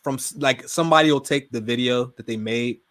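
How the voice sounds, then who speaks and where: A young man from Pittsburgh with a Pittsburgh accent, chatting casually as a podcast guest, slangy and relaxed, often trailing off quietly. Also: medium pitch, brisk. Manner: relaxed, slangy, drifts quieter at phrase ends. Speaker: guest gamer and streamer.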